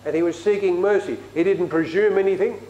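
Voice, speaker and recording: A man's voice: high-pitched, a little fast, warm tone, reverberant, poor audio. A man preaching a sermon in a chatty, storytelling way in a church.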